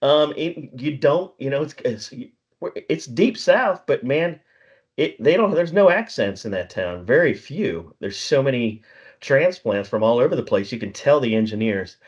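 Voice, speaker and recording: A man's voice: mid-range voice, lively intonation, unhurried. A middle-aged man co-hosting a podcast in casual chat, a rambling storyteller who chuckles often and acts out bits of dialogue. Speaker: podcast co-host. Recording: slightly dull lo-fi recording.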